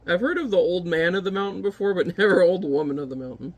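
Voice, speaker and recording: High-voiced man, chatty comic reviewer. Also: animated, fast talker, few pauses. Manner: wry, chatty, offhand remarks. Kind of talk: casual commentary.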